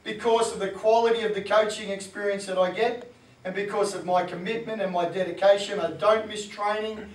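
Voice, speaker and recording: A New man gives an animated motivational talk to fellow coaches, slipping into voices as he goes. His voice sits high for a man. The sound echoes around the room, and the mic is set back from him. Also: fairly quick, recorded from a distance. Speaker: sports coach and presenter.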